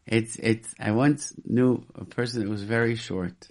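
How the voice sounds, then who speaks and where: A man's voice: mid-range voice, fairly even intonation, measured pace, a little mellow. A man talking on a radio show as a guest, with an earnest teaching manner. He circles back over his own words, repeats phrases and restarts sentences as he works his point out. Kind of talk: casual radio talk, teaching.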